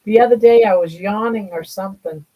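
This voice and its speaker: A woman's voice: mid-range voice, a little fast, phone-quality sound. An older woman hosting a casual livestream chat from home, cooing to her pets in baby talk. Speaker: livestream host.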